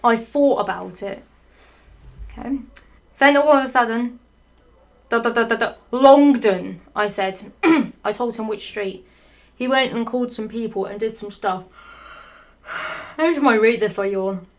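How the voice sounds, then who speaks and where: A woman reading a badly written story aloud for comedy, breaking off for sarcastic, sweary asides, laughing and clearing her throat often. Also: a little high, measured pace, long pauses. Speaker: fanfiction reader.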